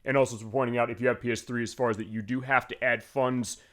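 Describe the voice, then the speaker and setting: A man's voice: mid-range voice, steady tone, fast talker, fairly bright tone. A man hosting a retro game show, explaining in a rambling voice-over full of fillers. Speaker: game stream host.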